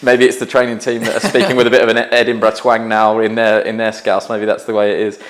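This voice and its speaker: A man's voice: lowish voice, level tone, fast. A man interviewing a boxer, asking long questions made of several parts. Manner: asks long multi-part questions. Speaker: sports interviewer. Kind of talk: sports interview.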